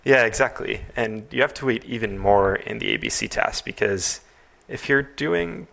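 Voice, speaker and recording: A man's voice: mid-range voice, lively intonation, moderate pace, creaky, pushed and bright. A man as a podcast guest, talking in a thoughtful, hedging way with many fillers. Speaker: podcast guest, TAS creator. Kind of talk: casual podcast interview.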